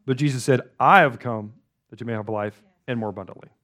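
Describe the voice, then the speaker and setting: Male pastor, middle-of-the-road pitch, chatty and rambling sermon delivery with frequent restarts. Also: fast, fairly bright tone. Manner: rambling, loose, restarts often. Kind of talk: conversational sermon.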